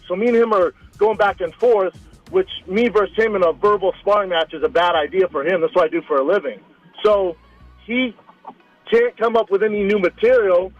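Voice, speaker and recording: A man in his thirties, a guest telling a story in a casual interview, animated, repeating words and acting out what others said. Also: high-pitched, no room sound, dull audio. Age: 30s. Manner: animated, repeats words, acts out quoted lines. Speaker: guest, retired fighter turned comic.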